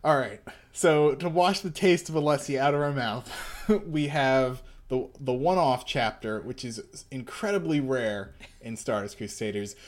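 A man's voice: mid-range voice, a little slow. A man co-hosting a casual podcast, chatting and joking as he recaps a comic, laughing often. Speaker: podcast co-host. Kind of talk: casual chat reading a comic aloud.

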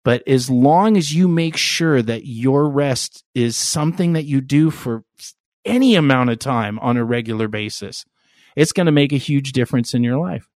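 A man hosting a podcast, chatting casually in a crude, rambling, joking way. His voice sits at an ordinary pitch and is recorded close and dry, with no room sound. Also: animated, normal speed, a little mellow, no echo. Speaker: podcast host. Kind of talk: casual chat.

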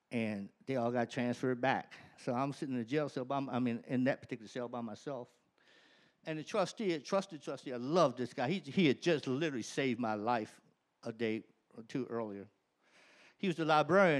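A man telling his personal testimony to an audience, animated and often laughing mid-sentence as the story builds. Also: mid-range voice. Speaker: speaker giving a personal testimony.

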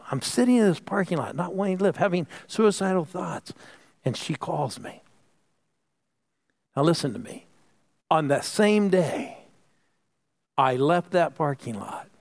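Gravelly pastor preaching a story. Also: male voice, mid-range voice, darkish tone. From Phoenix, United States. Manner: call-and-response preaching, storytelling. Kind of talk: sermon.

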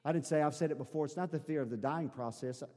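A male pastor preaching a sermon, repeating his phrases and building up to shouting. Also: on the high side, fast, big-room sound. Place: church sanctuary.

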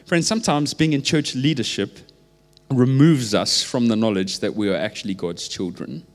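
A man's voice: medium pitch, moderate pace. A man, preaching a sermon earnestly and pressing into urgent emphasis. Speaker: pastor. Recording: reverberant hall.

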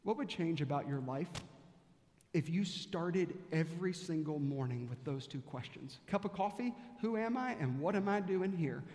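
A man with a fairly high voice preaches in a large church sanctuary, his words trailing into a long reverb. He tells stories and piles up rhetorical questions, slowing right down on the key words. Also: lively intonation, a little mellow. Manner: storytelling preacher, slows for emphasis, rhetorical questions. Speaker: pastor. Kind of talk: sermon.

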